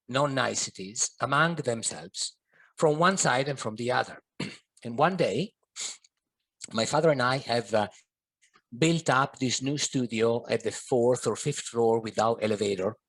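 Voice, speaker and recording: A man's voice: medium pitch, measured pace, a bit bright. A middle-aged man, a podcast guest and coach, telling a personal story in an earnest, vivid way. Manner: earnest, vivid, slips in Italian and French phrases.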